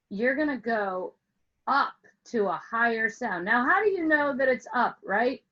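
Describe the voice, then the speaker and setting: Woman music teacher telling a silly story slowly, kinda high voice, muffled call sound. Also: a bit bright. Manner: playful storytelling, asks questions, drawn-out emphasis. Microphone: online call with screen share.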